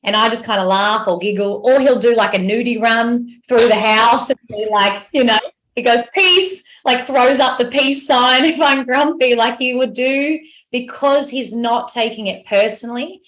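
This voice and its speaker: A woman guest coach on a podcast, telling stories in an animated, expressive way. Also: on the high side, moderate pace. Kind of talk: podcast interview. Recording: roomy echoey sound.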